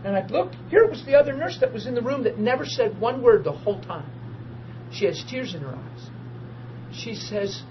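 A man preaching a testimony as a story, excitable, bursting into laughter and shouts. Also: very high voice, normal speed. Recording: muffled recording with steady hum.

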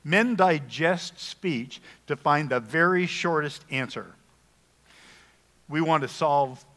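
A man's voice: a little high, pushed and bright. A middle-aged male pastor preaching a sermon in a folksy, humorous, conversational way. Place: church sanctuary. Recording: long reverb of a church hall.

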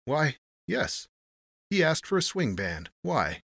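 A man's voice: a little high, sing-song, takes it slowly, fairly bright tone, no echo, pitched above the performer's own voice, full character voice. A man voicing a lazy, smug young hotel clerk who drawls and mocks. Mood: polite. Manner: drawling, mocking.

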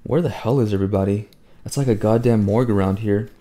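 A man's voice: fairly low pitch, quick pace, mellow, close to an everyday voice. A man voicing a cocky, irritable teenage roommate who gripes and swears. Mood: griping. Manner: griping and profane. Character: cocky male teen prep-school roommate, irritable.

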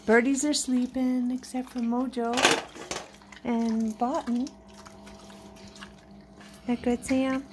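High-pitched lady baby-talking her pets at home late at night, slow and easy. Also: flat delivery, very noisy. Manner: sing-song baby talk to her pets. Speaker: pet vlogger. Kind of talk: casual chat to pets and viewers.

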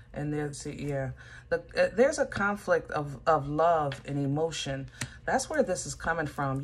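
A woman giving a casual tarot reading, animated and joking, talking straight to the listener with lots of fillers. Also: low-pitched, slight background noise. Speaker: tarot reader.

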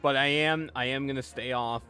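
A man hosting a game stream in casual, excitable chat, breaking into playful exclamations. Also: mid-range voice, moderate pace, clean tone, soft background music. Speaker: streamer and host.

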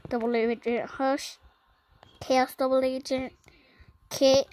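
Slow, high-voiced female gaming vlogger. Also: level tone, darkish tone, low-quality recording. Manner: listing items one by one, with many ums and pauses. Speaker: gaming channel host. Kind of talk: casual gaming vlog.

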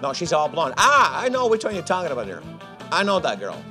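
A man's voice: on the high side, wildly swooping pitch, fairly quick, bright, forceful tone, faint music behind. A man presenting a live casino game, chatting playfully with viewers and joking between rounds. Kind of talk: lively chat with viewers while running a game.

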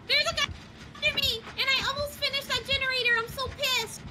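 A woman's voice: extremely high pitch, fairly even intonation, a little fast, heavy background noise. A woman playing a game with friends, chatty and giggly with playful reactions. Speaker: co-player. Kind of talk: live gameplay chat.

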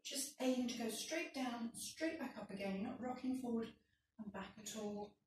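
A woman's voice: a little high, normal speed, a little mellow, heavy reverb, far from the mic, a little hiss or hum, poor audio. A woman leading a workout, giving encouraging step-by-step instructions and counting reps, a little out of breath. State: slightly out of breath. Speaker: fitness instructor.

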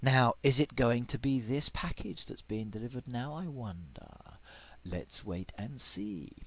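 A man giving chatty gameplay commentary, playfully excited, with squeals of delight and sudden whispers. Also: mid-range voice, a little slow. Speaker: game video creator.

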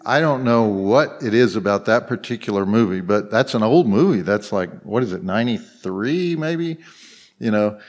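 A man's voice: lowish voice, lively intonation, moderate pace. A man telling loose, rambling anecdotes as a guest on a live convention panel, full of fillers and frequent chuckles. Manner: rambling, heavy on fillers and restarts, chuckling often.

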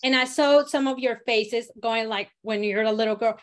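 A woman teaching a storytelling workshop, giving encouraging instructions and acting out sample lines with expressive voice changes. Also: a little high, moderate pace. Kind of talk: workshop instruction with acted demonstrations.

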